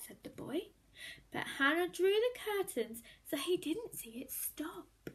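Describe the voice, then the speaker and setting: Animated woman reading a children's story. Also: very high voice, a little slow. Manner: animated, expressive, sometimes hushed. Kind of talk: children's story read-aloud.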